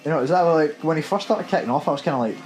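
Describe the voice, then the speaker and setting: A man's voice: a little high, racing, a little mellow, a little hiss or hum, poor audio. A young Scottish man co-hosting a gaming podcast, telling a story in casual, laughing chat.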